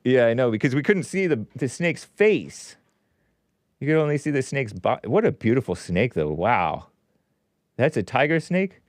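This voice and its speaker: Male host, casual commentary with sarcastic asides, mid pitch, very animated, dry close sound. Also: moderate pace, no room sound. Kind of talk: casual commentary reading news aloud.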